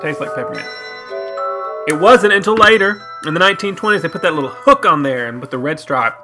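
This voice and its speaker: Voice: medium pitch, lively intonation, fairly quick, over music. A radio co-host chatting casually, giving dry, offbeat answers and bits of trivia. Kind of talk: comedic casual radio chat.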